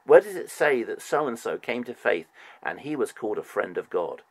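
Insistent man in a lively debate. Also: medium pitch, moderate pace, breathy edge, no room sound. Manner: insistent, animated, repeatedly demanding scripture proof; mocking repetition. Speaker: show host debating a Jehovah's Witness by phone. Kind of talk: heated religious debate.

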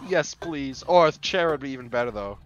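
A man's voice: mid-range voice, expressive, a little fast, dull audio, soft background music. A man commentating a game on a live stream, laughing a lot and yelping in disbelief. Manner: laughs often, yelps and exclaims in disbelief. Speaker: gaming streamer.

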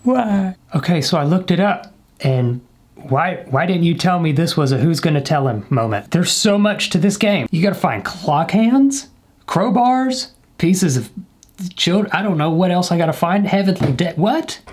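A man's voice: high voice, lively intonation, normal speed, a little mellow. A young man casually commenting while playing a horror game, joking with the game and his viewers and sometimes dropping to a whisper. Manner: jokey, talks to the game and viewers, whispers when scared. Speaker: gaming YouTuber.

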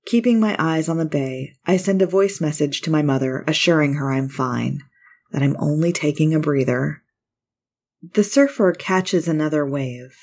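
A woman with a notably low voice narrates a first-person short story. Her reading is measured and wry, steady from line to line.

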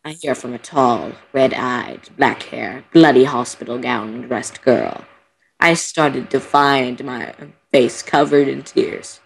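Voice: mid-range voice, takes it slowly, creaky, a little hiss or hum, poor audio. A person on a voice call reading a creepy story aloud through a computer mic, melodramatic and now and then breaking off. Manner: melodramatic, breaks off with gasps and giggles.

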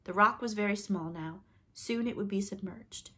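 A woman reading a classic children's novel aloud in a gentle, measured storytelling voice. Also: medium pitch. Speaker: storybook reader. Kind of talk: audiobook narration.

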